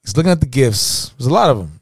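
Casual male podcast co-host, mid-pitched, rambling slangy storyteller, close dry studio sound. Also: big pitch swings, quick pace, husky, dry recording. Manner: slangy, profane, repeats "you know what I mean".

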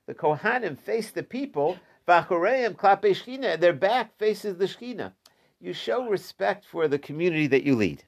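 Male Talmud teacher, slightly high voice, rambling and casual. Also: very animated, moderate pace, gravelly. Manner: chatty, digressive, chuckles often.

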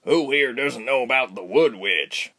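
A man's voice: mid-range voice, lively intonation, unhurried, pitched above the performer's own voice, full character voice. A man voicing a boisterous tavern guest who calls out mocking remarks in a storybook. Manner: loud, mocking.

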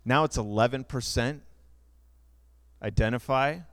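Smooth-voiced man preaching a sermon. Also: mid-range voice, a little slow, a bit bright, dry recording. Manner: conversational, explaining statistics with asides. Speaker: pastor.

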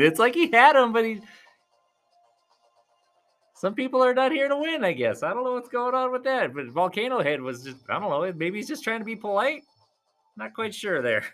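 Chatty, lively live-event commentator. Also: moderate pace, faint music behind. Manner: chatty, laughs often, lively swings in pitch. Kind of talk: casual play-by-play commentary. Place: at a live arm-wrestling event.

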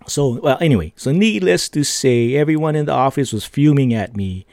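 A man hosts his own podcast and tells a loose, rambling story packed with fillers and tag questions. He laughs between lines. His voice is mellow and warm, and the sound is dry with no room echo. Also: mid-range voice, lively intonation, normal speed, creaky, few pauses. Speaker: podcast host. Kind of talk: casual storytelling.

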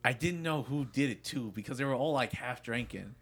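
A man's voice: medium pitch, a little fast, breathy edge. A young man co-hosting a casual chat, telling a story with swearing and acted-out voices. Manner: animated, swearing, acts out voices in stories. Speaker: podcast co-host.

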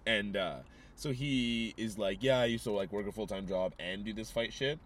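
A man's voice: on the low side, normal speed, a little hiss or hum. A young man co-hosting a podcast, chatting casually and acting out the people in his stories. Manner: animated storytelling, acting out quotes. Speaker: podcast co-host. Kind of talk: casual chat.

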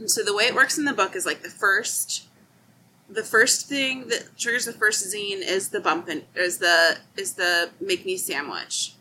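A woman's voice: mid-range voice, measured pace, bright, forceful tone, slight background noise, low-quality recording. A woman in casual chat, explaining a book's plot step by step to a friend. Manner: explains plot points, comparing book and movie. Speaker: podcast co-host.

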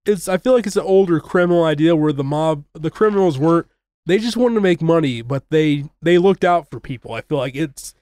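A man's voice: a little high, animated, brisk, darkish tone, no echo. A man co-hosting a casual film podcast, rambling and restarting sentences, swearing casually. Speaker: podcast co-host.

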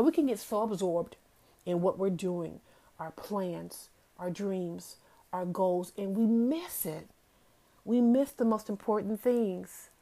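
A woman's voice: medium pitch, darkish tone. A woman hosting a casual motivational talk. She speaks earnestly and repeats key phrases for emphasis. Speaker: host of a talk series.

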